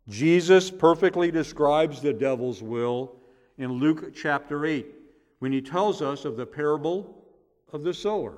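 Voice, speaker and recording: Male pastor, slightly high voice, deliberate emphatic sermon delivery, reverberant sanctuary. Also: expressive. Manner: measured, emphatic preaching with stressed repeated words. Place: church sanctuary.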